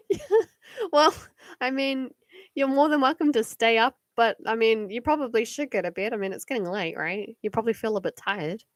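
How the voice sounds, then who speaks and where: A woman's voice: a little high, moderate pace, no echo, clean studio sound. A young woman with a New Zealand accent chatting casually to viewers on a live stream at home, rambling with many fillers and giggles. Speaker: livestream card reader. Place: home at night.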